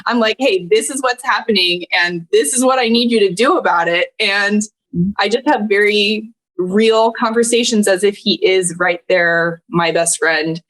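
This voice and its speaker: An earnest woman in her thirties opens up as a podcast guest. Her medium-pitched voice wavers with emotion as she tells a personal story, and she laughs through the tears now and then. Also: measured pace, fairly bright tone.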